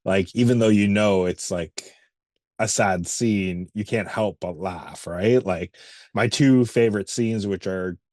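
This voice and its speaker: A man's voice: lowish voice, a little slow, darkish tone, dry recording, clean studio sound. A man co-hosting a casual movie podcast, retelling favorite scenes with laughter and casual swearing. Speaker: podcast co-host. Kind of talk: casual movie review chat.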